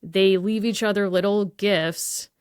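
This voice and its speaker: A woman's voice: medium pitch, fairly even intonation, a little slow, darkish tone, clear, resonant tone, no room sound, clean studio sound. A woman co-hosting a podcast, recapping a book's plot in detail with enthusiastic asides. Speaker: podcast co-host. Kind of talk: casual podcast discussion.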